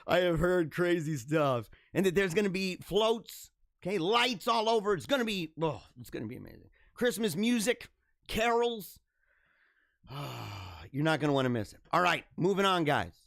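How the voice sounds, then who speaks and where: A man hosting a live show with children at school, chatting in an excitable, rambling way, often laughing and repeating himself. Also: high-pitched, normal speed, gravelly, no echo, studio quality. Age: adult with school-age children. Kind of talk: casual live-stream chat.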